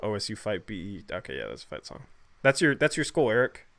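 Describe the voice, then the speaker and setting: A man's voice: lowish voice, very animated, fast, fairly bright tone. A young man hosting a casual livestream, joking in slangy, laid-back talk and thanking viewers for donations. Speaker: host.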